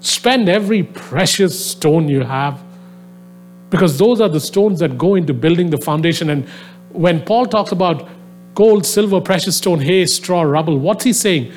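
A man's voice: a little high, expressive, moderate pace, a little hiss or hum. A man preaching a sermon, telling a story conversationally with many fillers, then building into a fervent exhortation to his listeners. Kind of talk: sermon to a live audience. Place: venue with a soundboard.

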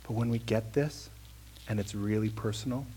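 A man's voice: lowish voice, moderate pace, mellow, a little hiss or hum. A man preaching a conversational sermon, telling a personal story with earnest emphasis and then leading a prayer.

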